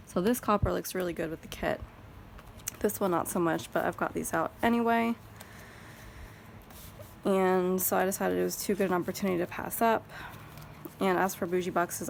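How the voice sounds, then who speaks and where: Brief: Texan woman vlogger, low voice with a gravelly fry, chatty and rambling. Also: slight background noise. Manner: chatty and rambling, thinking aloud. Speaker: planner vlogger. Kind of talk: casual chat. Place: home craft desk with a fan running.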